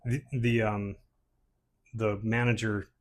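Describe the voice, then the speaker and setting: A man's voice: fairly low pitch, little pitch movement, slow pace. A man casually talking through his old comic portfolio pages, rambling with many fillers and restarts. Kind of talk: casual chat.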